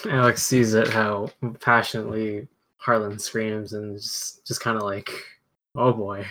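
A woman playing a tabletop game, casually asking quick, unsure questions about the rules. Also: extremely low pitch, little pitch movement, a bit bright. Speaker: player.

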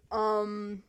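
A woman's voice: medium pitch, slight background noise. A young woman, telling a work story in a casual, profane monologue, laughing often and acting out the people she quotes.

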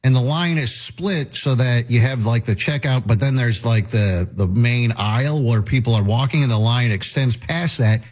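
Husky-voiced male radio host telling stories. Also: mid-range voice, moderate pace, hardly any pauses, darkish tone. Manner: rambling anecdote with many restarts and acted-out quotes. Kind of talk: casual talk radio storytelling.

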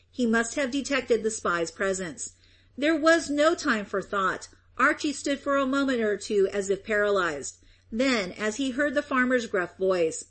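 A woman reads an old sea adventure aloud, narrating at a steady, even pace. Her voice sits a little high. It is a plain audiobook reading. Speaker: audiobook reader. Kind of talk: scripted narration.

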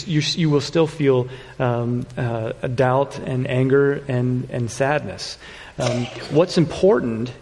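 A man answering congregation questions in a sermon, steady and explanatory, often checking in with "okay?". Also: a little high. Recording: long hall reverb.

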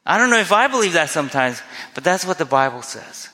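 A man's voice: a little high, big pitch swings, fast talker, pushed and bright. A man preaching a sermon as a pastor, earnest and conversational, often asking his listeners rhetorical questions. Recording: long hall reverb.

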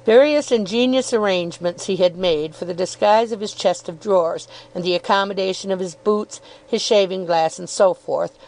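A woman narrating a classic novel as an audiobook, in a measured, clear reading. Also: fairly low pitch, darkish tone, rough recording. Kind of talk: scripted narration.

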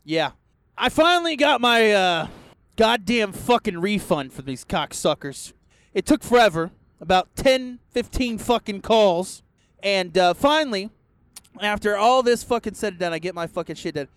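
A man hosting a podcast from inside a car, swearing constantly and breaking into yells as he rants. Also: high voice, expressive, moderate pace, smooth. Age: adult, past a first marriage. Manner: crude, swears constantly, bursts into yelling. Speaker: podcast host. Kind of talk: profane casual rant.

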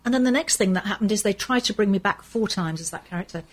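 A woman's voice: medium pitch, fast talker. An older English woman chatting as an interview guest. She talks in a rambling, storytelling way, full of ums and restarts. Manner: chatty, anecdotal, with frequent fillers and restarts. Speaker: soap actress guest. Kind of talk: casual interview chat.

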